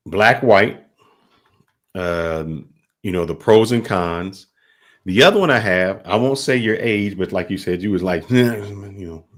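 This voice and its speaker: A man hosting a podcast interview, asking long, halting, rambling questions. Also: on the low side. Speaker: podcast host.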